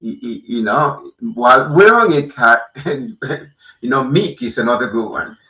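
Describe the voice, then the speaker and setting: A man hosting a casual chat, speaking haltingly with restarts. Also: medium pitch, expressive, sharp tone. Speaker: host. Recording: dull, roomy, far from mic.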